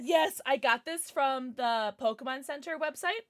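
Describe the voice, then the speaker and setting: A woman's voice: high voice, unhurried, no room sound, clean studio sound. A young woman live-streaming, chatting casually and bubbly as she reads her chat aloud, gasping and laughing often.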